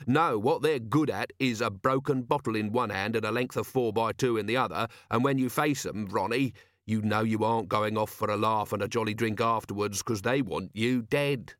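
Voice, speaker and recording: A man voicing a gruff middle-aged watch commander who talks in a dry, sarcastic, streetwise way. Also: lowish voice, moderate pace, fairly bright tone, no echo, natural voice. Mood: sardonic.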